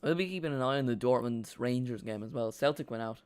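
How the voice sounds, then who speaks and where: Man, casual watch-along chatter, rambling, repeats himself, mid-pitched voice. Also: quick pace, clear, resonant tone.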